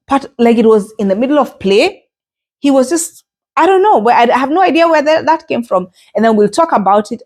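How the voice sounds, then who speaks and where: Middle-aged woman, podcast host, earnest and gentle, mid-range voice, reflective solo talk. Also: mid-range voice, lively intonation, fairly quick. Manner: earnest, gentle, many fillers and restarts.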